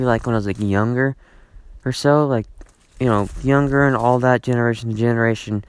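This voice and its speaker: Male solo podcaster at home, mid pitch, dry close mic, rambling and repetitive. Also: clean tone, no echo. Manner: repetitive and exasperated, many restarts and fillers. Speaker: podcast host.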